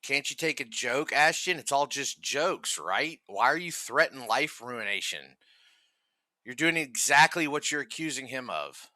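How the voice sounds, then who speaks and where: A man's voice: medium pitch, lively intonation, measured pace, sharp tone, no room sound. A man hosting reaction commentary, ranting furiously and mockingly with constant swearing. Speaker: commentary host.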